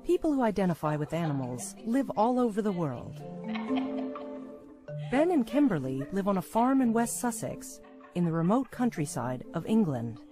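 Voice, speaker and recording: A woman delivering scripted documentary narration in a measured, expressive way. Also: medium pitch, over music.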